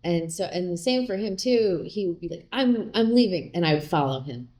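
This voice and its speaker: A woman chats openly as a guest in an interview. Her voice sits a little low. She tells stories in a lively way and jumps into quoted lines of dialogue. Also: fairly quick. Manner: candid, animated, acts out quoted lines. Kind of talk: casual conversational interview.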